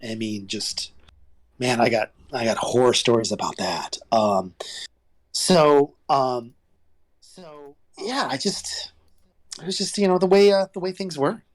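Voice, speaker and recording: A man telling stories as an interview guest about his work developing products, rambling and animated, restarting sentences and jumping in pitch when he quotes people. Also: measured pace. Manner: rambling and animated, with many restarts and big pitch jumps when quoting others. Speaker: guest, former toy developer. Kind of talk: casual interview storytelling.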